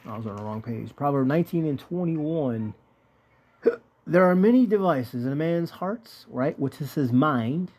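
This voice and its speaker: A man's voice: fairly high pitch, lively intonation, moderate pace, a little mellow. A man teaching from the Bible in a casual, blunt way, reading verses aloud, swearing freely, and asking rhetorical questions. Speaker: preacher teaching scripture.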